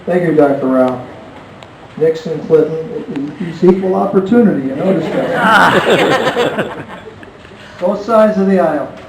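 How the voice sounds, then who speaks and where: A man's voice: high-pitched, lively intonation, slow pace, creaky, pauses often, crowd noise. Man emceeing a ceremony. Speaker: master of ceremonies. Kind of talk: ceremony introductions. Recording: echoey hall, distant mic, ambient noise.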